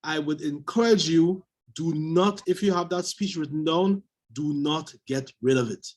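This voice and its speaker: A man's voice: a little high, measured pace, darkish tone. A man on a video call giving emphatic coaching feedback on a speech, repeating his points. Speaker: speech evaluator.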